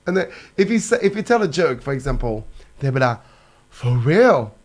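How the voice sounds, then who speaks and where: A man's voice: medium pitch, big pitch swings, fast talker. A man telling stories as a guest on a casual chat show, laughing as he goes. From France. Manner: chatty storyteller, laughs while telling anecdotes.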